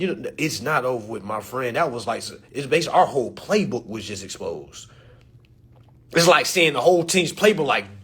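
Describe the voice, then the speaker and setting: A man ranting to camera in an animated, joking way, loud and slangy, calling out to his viewers. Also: mid-range voice, moderate pace, husky.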